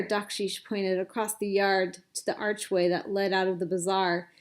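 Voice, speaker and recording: A woman narrating a children's adventure story with clear, expressive reading. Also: medium pitch, normal speed, hardly any pauses.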